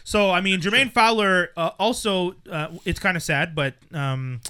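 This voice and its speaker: A man's voice: high-pitched, normal speed, pushed and bright, clean tone. A man co-hosting a casual group podcast chat, rambling and laughing as he retells comedy sketches. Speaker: podcast co-host.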